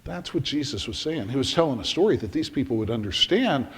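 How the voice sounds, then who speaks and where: A middle-aged man preaching a sermon as a pastor, telling a story in an animated way and acting out the scenes. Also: mid-range voice, brisk, slightly rough. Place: church sanctuary. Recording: reverberant church hall.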